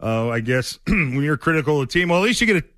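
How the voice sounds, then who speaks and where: A man hosts a sports radio show, telling casual sports stories in a loose, rambling way full of fillers and restarts. His voice is fairly high and a bit bright, with big pitch swings and a quick pace, captured in clean, echo-free studio sound.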